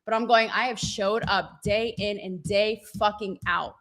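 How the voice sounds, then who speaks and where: A woman hosting her show, talking candidly in a profane, animated, rambling and self-mocking way. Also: mid-range voice, a little slow, a little hiss or hum. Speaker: show host. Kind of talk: candid livestream monologue.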